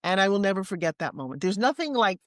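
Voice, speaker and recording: A woman in her sixties with a New York accent, a guest telling personal stories in a lively, candid way with quick asides. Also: mid-range voice, dry recording, clean studio sound. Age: 60s. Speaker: interview guest. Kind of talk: personal storytelling in conversation.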